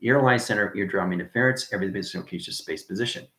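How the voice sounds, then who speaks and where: A man's voice: on the low side, racing, sharp tone, roomy sound. A man hosting a livestream, talking in a rambling monologue full of repeated jargon and frequent "right?" checks to his viewers. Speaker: livestream host.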